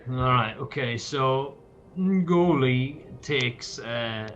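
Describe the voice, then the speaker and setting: A man's voice: mid-range voice, drawn-out words, a bit bright, a little hiss or hum. A man narrating a tabletop game as game master, casual and peppered with swearing and fillers, on a dull lo-fi mic.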